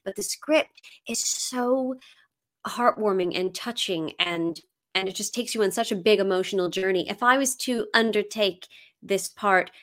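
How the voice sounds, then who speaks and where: A woman singer and impressionist chatting as an interview guest, animated and laughing often. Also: mid-range voice, a little slow.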